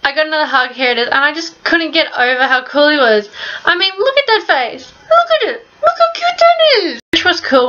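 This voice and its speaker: A young woman narrating her vlog in a voice-over, telling an excited fan story with casual swearing. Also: fairly high pitch, muffled recording. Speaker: vlogger.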